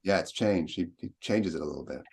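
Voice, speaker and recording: A man's voice: sits low, fairly quick, vocal fry, breathy edge. A man leading a seminar discussion, thinking aloud and reciting lines with exaggerated stress. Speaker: lecturer.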